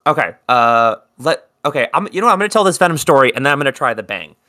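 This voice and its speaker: A man's voice: medium pitch, big pitch swings, fast talker, sharp tone. A man from South Jersey co-hosting a podcast, telling a long rambling story in casual chat and swearing freely. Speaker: podcast co-host.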